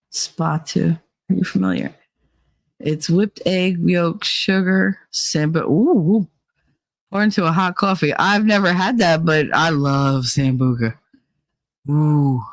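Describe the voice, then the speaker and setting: A woman's voice: deep voice, no room sound, rough recording. A woman livestreamer chatting casually in a blunt, rambling way, swearing and laughing often.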